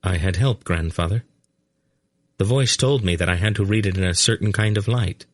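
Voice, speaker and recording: A man's voice: sits low, moderate pace, no echo, clean studio sound. A man reading a grim, insistent young man. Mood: earnest.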